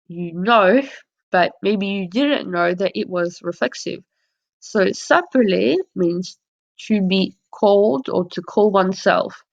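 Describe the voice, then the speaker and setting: A woman's voice: mid-range voice, creaky. A woman teaching a lesson over slides, explaining patiently and modelling example phrases. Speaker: French teacher. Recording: dull lo-fi audio.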